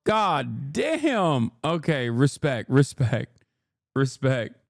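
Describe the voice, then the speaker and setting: A man's voice: mid-range voice, big pitch swings, drawn-out words, creaky, dry recording. A male streamer giving live reaction commentary in a profane, sarcastic, ranting way.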